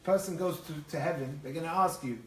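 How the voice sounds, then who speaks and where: A man teaching through stories, animated and prone to restarting phrases, his voice pitched somewhat high. He stands well away from the mic, so the room echoes around him, with a faint hiss underneath. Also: fast, recorded from a distance. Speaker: Torah teacher. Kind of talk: lively storytelling lecture.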